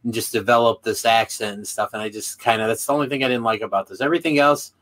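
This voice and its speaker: A man on a casual wrestling podcast who talks hesitantly, often stumbling over his words and starting again. His voice sits at a middling pitch. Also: steady tone, quick pace, fairly bright tone. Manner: hesitant, stammering, restarts often. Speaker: podcast co-host.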